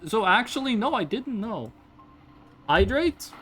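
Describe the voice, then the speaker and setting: A woman from Norway, chatting casually with her live-stream chat, blunt and animated, swearing freely. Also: medium pitch, normal speed. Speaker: VTuber streamer.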